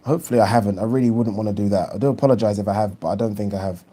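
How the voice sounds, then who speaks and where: A man's voice: fairly low pitch, racing, mellow. A man hosting a boxing channel, chatting casually on a live stream and giving his opinions, with frequent ums and repeated words. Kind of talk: casual live-stream chat, reading viewer questions.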